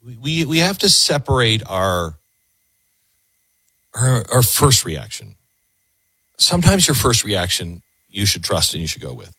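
A low-voiced man hosting a call-in radio show, his pitch rising and falling with feeling. His voice is husky and sits close and dry on the mic. He speaks earnestly, circling back over words as he works out his point. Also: wildly swooping pitch, measured pace, pauses often, sharp tone, dry recording. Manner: earnest, reflective, repeats words when searching for them. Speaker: radio talk show host.

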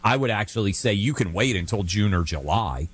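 A man's voice: lowish voice, animated, fairly quick, breathy edge. A man on talk radio giving confident political commentary and advice. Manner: confident, advisory. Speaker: radio talk show co-host.

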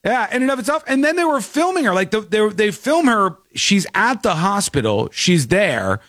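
A man's voice: high voice, very animated, normal speed, fairly bright tone, no echo, studio quality. A man telling a story in casual chat, acting out the people in it with shifting voices. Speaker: podcast host.

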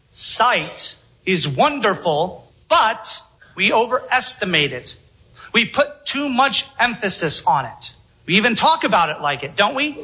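A man preaching a sermon in a measured, emphatic way, asking the listeners rhetorical questions. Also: high voice, pushed and bright, husky, poor audio.

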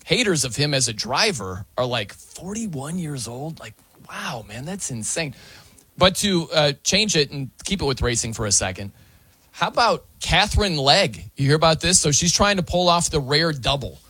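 A man hosting casual sports talk, animated and chatty, sometimes mimicking wrestling announcers. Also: a little high, moderate pace, husky, no room sound.

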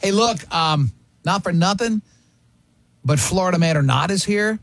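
A man's voice: high voice, fairly bright tone, no echo. A man co-hosting a radio talk show, chatting and teasing in a loose, joking way. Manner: joking, teasing, quick interjections. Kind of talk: casual morning-show banter.

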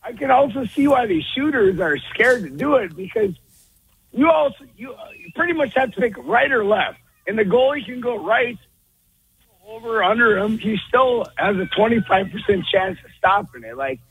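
A man from Minnesota calling into a sports radio show, hoarse after losing his voice, rambling and hesitant. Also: very high voice, expressive, normal speed, fairly bright tone, rough recording. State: hoarse, lost voice. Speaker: radio caller. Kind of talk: call-in talk radio.

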